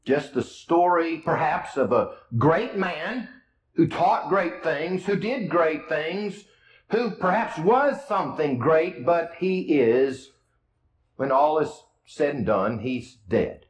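A Midwestern American pastor preaching with a lively, swooping delivery, his voice a little on the high side. He retells scripture in plain, chatty words, and his voice rings in an echoey room. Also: slow pace. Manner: storytelling, paraphrasing scripture in his own casual words. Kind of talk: sermon.

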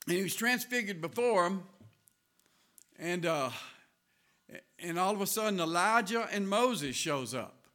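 A man's voice: high voice, expressive, unhurried, pauses often, pushed and bright. A man with a Southern US accent preaching a sermon in a folksy storytelling way, laughing as he goes.

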